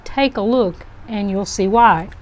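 A gloomy male fish who pouts his way through sing-song rhymes, as a woman reading aloud puts him on. The lines roll out slowly and mopily, like a storybook sulk. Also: mid-range voice, close to an everyday voice. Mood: glum. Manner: mopey sing-song rhyming.

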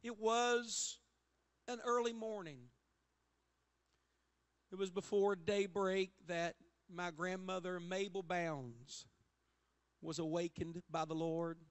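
High-voiced preacher man. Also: fairly even intonation, takes it slowly, pauses often, clear, resonant tone. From Appalachia. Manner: storytelling preacher, builds to loud emphatic calls. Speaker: pastor. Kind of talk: sermon. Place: church sanctuary.

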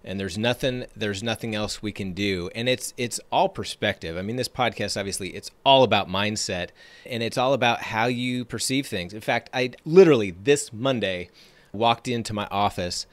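A man's voice: on the low side, moderate pace, no room sound. Fired-up motivational man, dry sound. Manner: energetic, emphatic, repeats phrases for effect. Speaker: podcast host and trading coach. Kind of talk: motivational podcast monologue.

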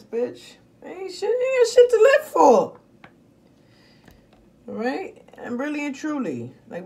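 A woman venting bluntly and profanely to her viewers in casual talk, swinging between muttering and loud outbursts. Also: on the low side, a little hiss or hum. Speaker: vlogger.

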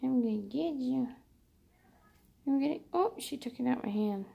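A woman talks about her cats in relaxed, chatty home-vlog fashion and often speaks straight to them. Her voice is fairly high but heavily gravelly with constant vocal fry. She sounds like she is at home in her kitchen. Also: moderate pace, highs cut off. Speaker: vlogger filming her cats. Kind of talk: casual home vlog chat.

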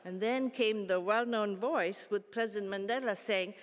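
A woman, giving a formal public lecture in a measured, earnest way with pauses and restarts. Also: medium pitch. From South Africa. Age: 70s. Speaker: guest lecturer. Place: large concert hall. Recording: long hall reverb.

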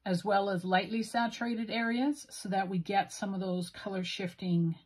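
A woman's voice: mid-range voice, fairly even intonation, normal speed, darkish tone, slightly rough. A woman with a Western Canadian accent, musing aloud in a self-deprecating way as she swatches inks. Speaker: stationery video host. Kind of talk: casual narrated ink swatching.

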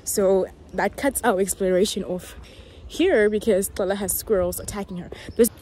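A woman's voice: medium pitch, normal speed, mellow. A playful young woman from South Africa chatting casually to camera in a vlog, recorded outdoors. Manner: playful, jokey, often puts on silly accents. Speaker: vlogger. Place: outdoors in a park. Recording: outdoor noise in the background.

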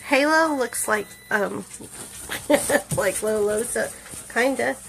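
A woman's voice: on the high side, slow, vocal fry, slight background noise. A woman dog breeder filming a puppy on her phone at home, chatting casually and cooing baby talk with frequent laughs.

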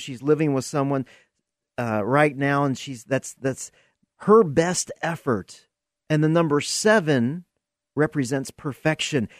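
Man, podcast host, preaching style, earnest, emphatic, slow-paced, dry close sound. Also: mid-range voice, dry recording.

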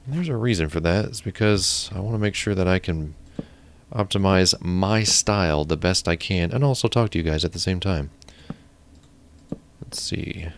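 A man's voice: low-pitched, brisk. A man hosting his own gaming channel, chatting casually and thinking aloud while he builds. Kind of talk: casual gameplay commentary.

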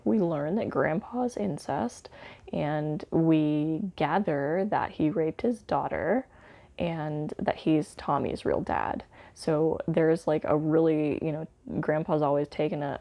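A woman's voice: sits low, vocal fry, warm tone. A woman casually reviewing a movie, rambling with fillers and wry asides.

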